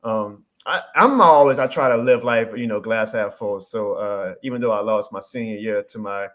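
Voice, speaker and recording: A man in his thirties, a content creator from New Orleans with a thick New Orleans accent, appears as a guest in casual podcast chat. His lowish voice moves at normal speed as he tells stories with upbeat, earnest animation.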